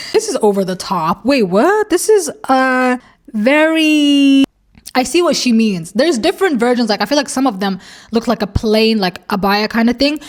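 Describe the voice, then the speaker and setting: A woman hosting a reaction video, ranting bluntly and heatedly as she comments on online posts, swearing freely. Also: a little high. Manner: animated, emphatic rants.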